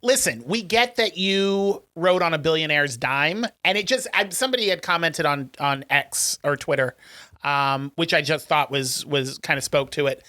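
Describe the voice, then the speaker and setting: Snarky, bright male co-host. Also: fairly high pitch, moderate pace. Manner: snarky, profane ranting. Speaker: podcast co-host. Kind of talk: casual chat.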